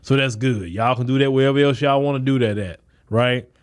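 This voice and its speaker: A man's voice: medium pitch, brisk. A man hosting a podcast, delivering a blunt, emphatic solo commentary that restarts and repeats words as he pushes his points. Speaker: podcast host. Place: Texas.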